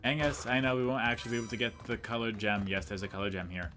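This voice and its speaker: A man's voice: mid-range voice, fairly even intonation, rapid-fire, sharp tone, soft background music. A young man giving casual let's play commentary, rambling through a story and talking to the game as he plays. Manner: rambling storyteller, chatty and self-mocking, talks to the game.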